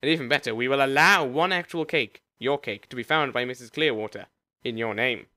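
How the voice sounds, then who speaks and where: A man's voice: mid-range voice, fairly quick, sharp tone, dry recording, natural voice. A man voicing a courteous male agent of the afterlife who talks in polished, formal sales patter. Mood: smooth.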